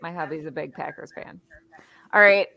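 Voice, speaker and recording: A woman's voice: sits low, moderate pace, gravelly, bright, forceful tone. A woman co-hosting a casual chat show, upbeat and leading the segments. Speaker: co-host.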